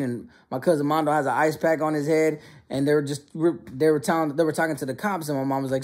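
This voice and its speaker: Husky-voiced man telling a story casually. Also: on the high side, fast, few pauses. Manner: animated, slangy, many restarts.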